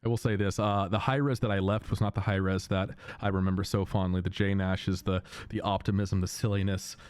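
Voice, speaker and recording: A man streaming to his viewers in a loose, rambling chat, often repeating himself and breaking into loud, high, excited laughter. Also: fairly quick, clear, resonant tone, no room sound.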